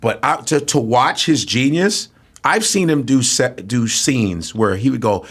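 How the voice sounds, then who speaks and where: A male comedian guest telling profane, animated stories in casual chat. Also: medium pitch, a little slow. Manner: animated storytelling with profanity and voice switches.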